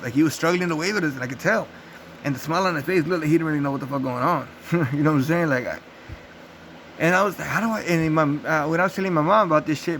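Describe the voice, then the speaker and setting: A man's voice: a little high, fairly bright tone, a little hiss or hum, low-quality recording. A young man telling a rambling, profane story casually, acting out gunshot sounds. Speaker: vlogger.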